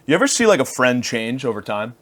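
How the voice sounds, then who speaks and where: A man's voice: mid-range voice, big pitch swings, a little fast, fairly bright tone. A man in his thirties hosting a podcast, rambling through a crude, self-deprecating comedic monologue. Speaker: podcast host.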